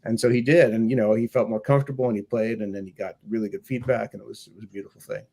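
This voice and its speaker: Low, husky-voiced middle-aged man. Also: racing. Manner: relaxed, earnest storyteller. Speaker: music teacher, podcast co-host. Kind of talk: casual chat.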